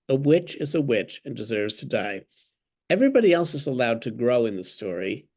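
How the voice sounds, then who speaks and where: A man's voice: mid-range voice, darkish tone. A man, an author being interviewed, who tells stories in a wry, articulate way and acts out the quotes he cites. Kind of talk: conversational interview.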